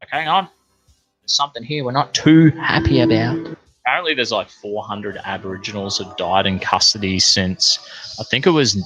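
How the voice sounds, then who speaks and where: An Australian man rambles through a profane, casual rant, full of fillers and tangents. His voice sits low but sounds bright and forceful. Quiet music plays faintly behind him. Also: lo-fi sound. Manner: swears constantly, rambling with many fillers.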